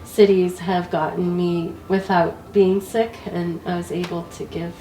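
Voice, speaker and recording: A woman's voice: fairly low pitch, level tone, unhurried, mellow, echoey room, recorded from a distance, soft background music, rough recording. A woman who is sick with a cold, telling a casual story about her travels as an interview guest, laughing often.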